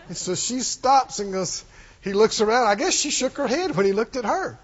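A man preaching a sermon, telling the story with animated delivery, acting out quoted lines and chuckling often. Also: very high voice, a little slow, dull audio, crowd noise, background noise.

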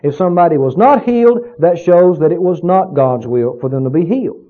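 A man preaching a sermon, emphatic and slow, posing questions to his congregation. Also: fairly high pitch, animated. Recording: dull lo-fi recording.

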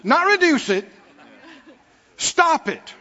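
A man with a very high voice and wide pitch swings preaches a sermon slowly, his delivery pushed and bright. He calls out to the congregation and mockingly plays the part of worried believers. It was captured in a church sanctuary on a dull lo-fi recording with a long hall reverb.

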